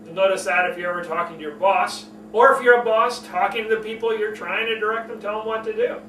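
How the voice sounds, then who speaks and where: Bright, lively male speaking coach. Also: fast, echoey room, far from the mic, slight background noise, low-quality recording. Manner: expressive, demonstrates pace and pitch changes. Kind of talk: instructional talk to camera.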